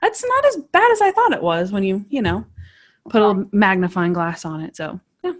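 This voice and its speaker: Animated woman telling a story. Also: mid-range voice, normal speed. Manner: animated storytelling, acts out characters' lines. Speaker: guest co-host. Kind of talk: casual podcast chat.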